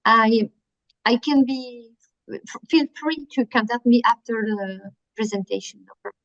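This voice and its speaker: A woman with a French accent giving a workshop presentation, halting and searching for words with many fillers. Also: on the high side, a bit bright, no room sound. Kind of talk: online presentation. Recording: dull lo-fi audio.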